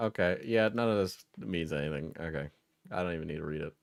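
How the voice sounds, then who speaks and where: A man's voice: sits low, quick pace, creaky, dry recording, studio quality. A young man from New England giving casual reaction commentary as a streamer, blunt and rambling, swearing often.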